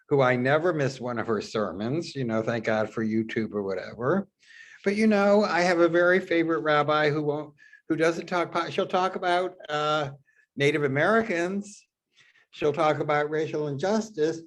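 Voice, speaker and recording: Guy in a lunch study group, rambles a bit, gets passionate about his opinions. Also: a little high. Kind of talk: casual group discussion.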